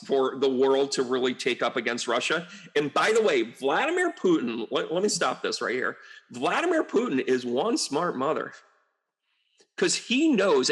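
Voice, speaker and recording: Animated rambling man doing commentary. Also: medium pitch. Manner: rambling and animated, with frequent asides and mocking quotes. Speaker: psychic medium and astrologer. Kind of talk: casual political commentary monologue.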